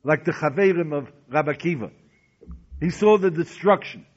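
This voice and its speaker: A man's voice: on the high side, normal speed. A man teaching a Talmud lesson as a sermon, telling stories dramatically and asking rhetorical questions. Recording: dull lo-fi recording.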